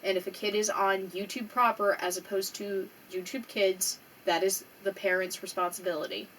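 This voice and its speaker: A young adult woman with a small YouTube channel records a casual vlog, emotional and rambling, swearing often and fighting back tears. Her mid-range, slightly bright voice has little pitch movement and a normal pace, picked up by a somewhat distant mic with faint background noise.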